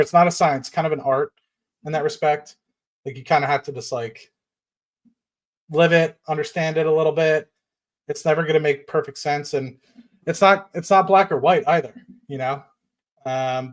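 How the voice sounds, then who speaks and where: Man, streamer, rambling and fired up, fairly high voice. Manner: rambling, many fillers and restarts; fired up, standing while talking. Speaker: livestream host. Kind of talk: casual livestream chat about investing.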